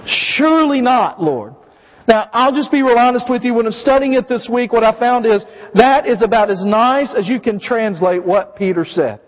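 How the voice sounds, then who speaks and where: High-voiced guy in his 30s preaching a sermon, emphatic, lots of questions, big echoey church, kinda muffled audio. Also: moderate pace, hardly any pauses. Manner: emphatic, asks the congregation questions. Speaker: pastor. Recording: dull audio with long hall reverb.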